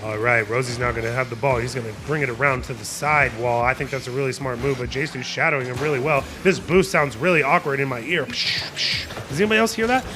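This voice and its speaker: A man's voice: medium pitch, fast, over music. A man hosting a live online tournament, calling the plays and joking with chat in a playful, hype-driven way. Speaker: tournament host and caster. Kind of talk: live esports play-by-play commentary on a stream.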